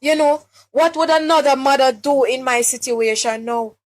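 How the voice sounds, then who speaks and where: A woman's voice: high-pitched, flat delivery, normal speed, hardly any pauses. A young Jamaican woman on a live stream, distraught and close to tears, pleading for help, questioning her listeners and often repeating and restarting her words. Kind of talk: emotional live-stream plea.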